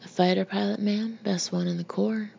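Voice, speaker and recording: A woman voicing a brash, blunt middle-aged male Marine colonel who talks gruffly and mockingly, in a muffled lo-fi recording. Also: mid-range voice, steady tone, moderate pace, dark tone. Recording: muffled lo-fi recording with faint hiss.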